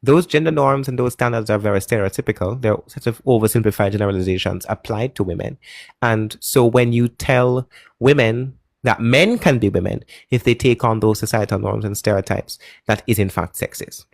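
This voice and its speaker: A man's voice: on the low side, brisk, vocal fry, no echo, clean studio sound. A man hosting a live debate stream, sarcastic and mocking, interrupting guests often. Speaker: debate livestream host.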